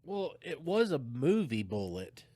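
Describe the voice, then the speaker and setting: A man's voice: medium pitch, very animated, a little slow, warm tone, slightly rough, dry recording, studio quality. A man co-hosting a podcast, reacting and cracking jokes in casual chat. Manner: joking back-and-forth reactions. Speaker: podcast co-host.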